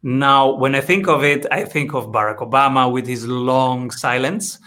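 A man hosting an interview, asking thoughtful, measured questions. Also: mid-range voice, bright, forceful tone. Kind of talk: interview conversation.

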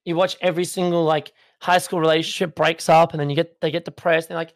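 A man's voice: a little high, level tone, fast, few pauses. A young man, a guest in a casual chat, rambling with lots of fillers. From Australia. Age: young adult. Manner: rambling, filler-heavy, laid-back.

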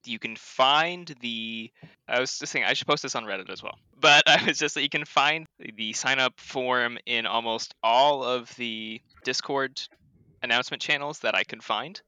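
A man's voice: mid-range voice, normal speed, pushed and bright, smooth, dry recording. A Canadian man with a Canadian accent, a league organizer chatting casually on a podcast and explaining things at length.

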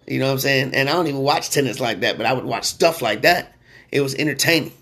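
A man hosts a casual sports talk show in a loose, slangy style. His voice sits at a medium pitch. He often jumps higher and louder when something fires him up. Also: fast talker, slightly rough. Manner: animated, slangy, excitable when ranting. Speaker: sports podcast host.

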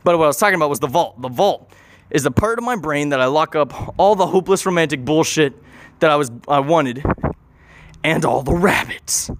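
A man's voice: on the high side, lively intonation, fairly quick, a little hiss or hum. A young man telling a goofy, rambling improvised story, interrupting and correcting himself as he goes.

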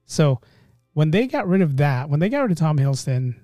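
A man hosting a casual solo podcast, talking in an animated, rambling way and often cutting himself off mid-thought. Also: a little high, a little fast, dry recording, studio quality, faint music behind. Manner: animated, rambling, self-interrupting. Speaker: podcast host.

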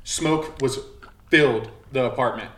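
A man's voice: medium pitch, measured pace, fairly bright tone. A man in his twenties telling a laid-back, profane story in casual chat with friends. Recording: roomy mic with faint noise.

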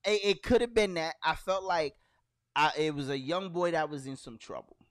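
Animated New man telling stories. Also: fairly high pitch, normal speed, dry recording, clean studio sound. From New York. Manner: animated storytelling with acted-out quotes and slang. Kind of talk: casual chat.

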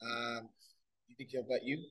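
A man's voice: mid-range voice, flat delivery, a little slow, bright, forceful tone, no echo. A man co-hosting a live wrestling podcast, chatting casually with laid-back, teasing banter. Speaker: podcast co-host, wrestling coach.

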